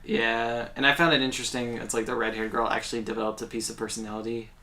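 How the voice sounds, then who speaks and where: A man's voice: mid-range voice, level tone, quick pace, sharp tone. A man co-hosting a podcast in casual chat, blunt and laughing often, swearing freely. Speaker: podcast co-host.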